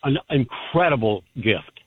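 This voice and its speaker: Male caller, raspy, heartfelt and proud, phone-line sound. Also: medium pitch, animated, unhurried, no room sound. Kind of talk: call-in talk radio.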